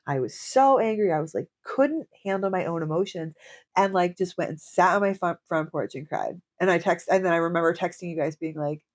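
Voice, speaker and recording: Thirties mom on a podcast, blunt and chatty, low voice, swears a bit. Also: female voice, brisk. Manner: candid, swears casually. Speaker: podcast co-host. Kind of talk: casual chat.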